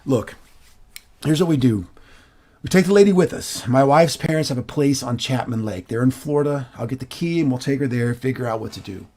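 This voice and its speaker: A man's voice: medium pitch, a little fast, warm tone, close to an everyday voice. Ex-con guy talking his partner down, urgent, an actor doing it. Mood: tense. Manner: urgent, reasoning. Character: reformed male ex-con, tense and calculating.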